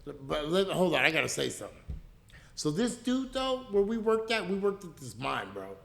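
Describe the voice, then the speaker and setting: A man's voice: high-pitched, big pitch swings, moderate pace, gravelly, a bit bright, roomy sound. A man co-hosting a podcast, rambling through a story in casual chat, swearing and laughing often. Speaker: podcast co-host.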